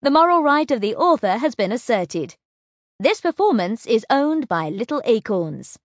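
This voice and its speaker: A woman narrating a children's storybook audiobook in an expressive, storytelling manner. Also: a little high, normal speed, no echo, studio quality.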